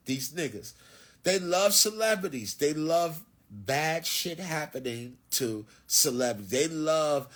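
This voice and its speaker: A man's voice: fairly high pitch, fairly bright tone. A man with a Philadelphia accent talking loosely and profanely to viewers on a phone livestream, swaggering and preachy. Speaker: livestream host. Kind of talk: casual livestream monologue.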